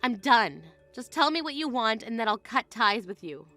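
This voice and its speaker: A woman plays a wronged young bride in a text-message drama, firm and indignant. The voice is high and bright with a tense edge. Faint music runs underneath. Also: very animated, normal speed. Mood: cold. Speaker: voice actor.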